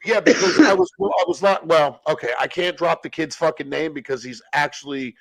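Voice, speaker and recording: Gravelly-voiced man telling stories. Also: on the high side, sing-song, brisk, no room sound, low-quality recording. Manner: profane, storytelling, acts out quotes. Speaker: guest telling prison stories. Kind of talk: casual chat.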